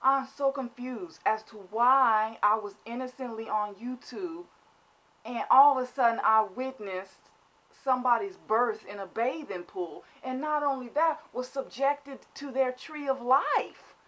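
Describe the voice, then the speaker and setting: Woman vlogger, comic storyteller, slightly high voice, over-the-top delivery. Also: a little slow. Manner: animated, exaggerated, mock-dramatic. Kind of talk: comedic storytelling vlog.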